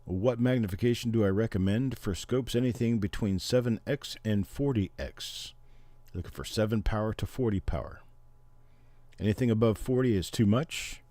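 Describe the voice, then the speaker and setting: A man's voice: on the low side, moderate pace, warm tone, no echo. A middle-aged man hosting a casual livestream, chatting and explaining things to his viewers. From Missouri, Oklahoma and Memphis, Tennessee. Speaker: livestream host.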